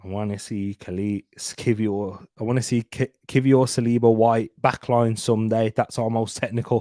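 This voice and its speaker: A man's voice: on the low side, level tone, normal speed, hardly any pauses, dark tone, no room sound, studio quality. A young man hosting a live football watchalong, chatting and laughing through casual match commentary. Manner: chatty, laughs often, banter. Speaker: watchalong host.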